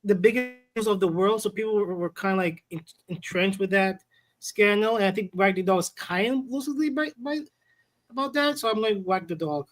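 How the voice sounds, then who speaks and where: A man with a high-pitched voice, speaking a bit fast on a rough recording, co-hosts a casual movie podcast. His chat rambles and hesitates, full of fillers.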